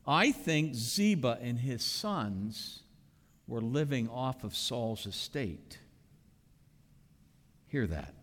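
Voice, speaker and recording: Slow, lively-voiced male preacher in a hall. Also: mid-range voice. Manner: animated preaching with dramatic emphasis. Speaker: pastor. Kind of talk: sermon. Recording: reverberant hall.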